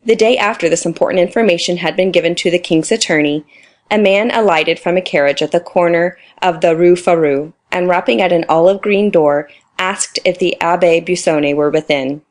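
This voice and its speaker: A woman's voice: on the low side, brisk. A woman narrating a classic novel audiobook, reading the dialogue in her own voice. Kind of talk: scripted narration.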